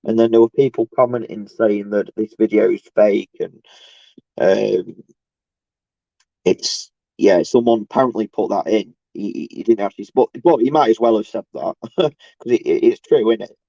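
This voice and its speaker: A man, ranting on a casual livestream, halting and restarting often and mocking others in sarcastic bursts. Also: lowish voice, vocal fry, warm tone, no room sound. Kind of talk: rambling casual livestream rant. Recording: dull lo-fi dry sound.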